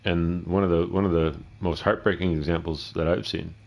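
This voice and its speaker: A middle-aged man with a very low voice rambles through a casual gameplay session. He swears freely and wanders between stories, now and then talking back to himself. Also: steady tone, moderate pace, gravelly. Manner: profane, rambling, talks to himself. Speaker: gameplay streamer.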